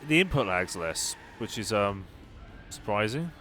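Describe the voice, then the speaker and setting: Young dude streaming a racing game, super lively pitch, chatting back at chat, quiet game music behind. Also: male voice, a little slow. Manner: chatty, reads and answers chat while playing. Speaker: gaming streamer. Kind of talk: casual live-stream gameplay commentary.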